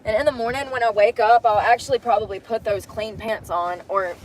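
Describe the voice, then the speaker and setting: A young woman, chatting casually to camera from inside a vehicle, often dropping to soft mutters. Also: fairly high pitch, fairly even intonation, a little fast, slight background noise. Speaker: vlogger. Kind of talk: casual vlog talk to camera. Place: inside a vehicle bed at night.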